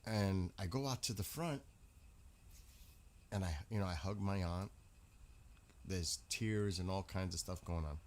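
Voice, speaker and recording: Male streamer, low voice, casual rambling chat to viewers. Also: unhurried, pauses often. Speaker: live streamer.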